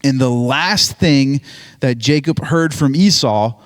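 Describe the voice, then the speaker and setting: A man's voice: mid-range voice, slow. A man giving a casual, joking sermon, retelling a Bible story with lots of "like" and "right?". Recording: hall reverb on voice.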